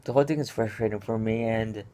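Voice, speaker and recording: A man's voice: lowish voice, fast, mellow. A man telling a stressed personal story in a casual vlog, rambling with many fillers and restarts. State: stressed and upset. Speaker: vlogger.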